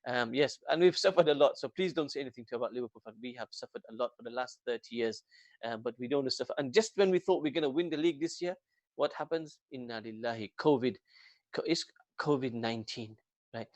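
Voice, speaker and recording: A man hosting a local radio show in casual chat, jokey and rambling, with a British accent, getting excitable and reading phone numbers out slowly. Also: mid-range voice, dry recording. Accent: British English. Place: radio studio.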